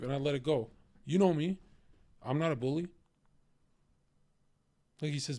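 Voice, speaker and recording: A man's voice: a little high, brisk, long pauses, a little mellow, no echo. A man hosting a livestream, talking casually, swearing a lot and taunting his chat. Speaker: livestream host.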